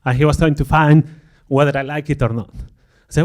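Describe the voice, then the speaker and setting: A middle-aged man tells a personal story at a conference, his voice sitting slightly higher than most. He pokes fun at himself and slips into little acted-out quotes of what he was thinking. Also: brisk, hardly any pauses. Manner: animated, self-deprecating, acts out quoted thoughts. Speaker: conference speaker.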